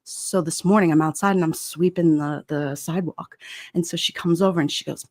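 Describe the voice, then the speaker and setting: A woman's voice: deep voice, steady tone, a little fast, darkish tone, no room sound. Woman, middle-aged, New York accent, casual livestream storytelling, laughs a lot, acts out quotes, dry close sound. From Brooklyn, New York. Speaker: livestream vlogger.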